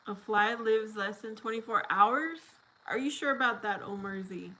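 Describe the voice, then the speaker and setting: A woman's voice: medium pitch, normal speed, bright, forceful tone, a little hiss or hum, poor audio. A woman hosting a casual livestream, reading viewer comments aloud and greeting people by name, often breaking into laughter. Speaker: livestream host.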